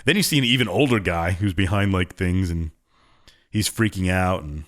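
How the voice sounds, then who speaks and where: A man's voice: low voice, moderate pace, fairly bright tone. A man co-hosting a podcast, casually retelling a game's story in a laid-back way. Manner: laid-back storytelling, acts out characters briefly. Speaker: podcast co-host recapping a game. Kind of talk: casual chat.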